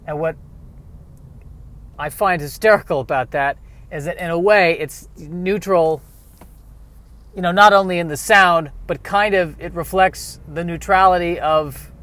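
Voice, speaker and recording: Out on a city street, a comedian from Aurora, Colorado, rambles through a casual comic monologue with wry, sardonic musings. He speaks unhurriedly in a slightly high, somewhat bright voice, pausing often.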